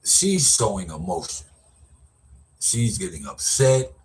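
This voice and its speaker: A middle-aged man with a husky, somewhat low voice talks slowly and emphatically. He rambles in casual commentary, restarting and repeating his words as he goes. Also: very animated, a little mellow. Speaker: vlogger, educator.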